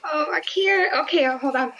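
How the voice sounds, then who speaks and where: A woman's voice: high-pitched, a little slow, a bit bright, rough recording. A woman, a podcast guest, chatting in an enthusiastic, giggly way. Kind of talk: casual chat.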